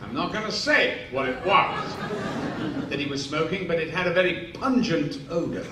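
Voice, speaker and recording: In a large convention hall, a sixty-something man tells rambling stories with amusement during a live Q&A, performing the quoted lines for the audience. His voice is fairly high and animated, moving at normal speed. The recording is echoey, with faint noise and a mic set some distance away.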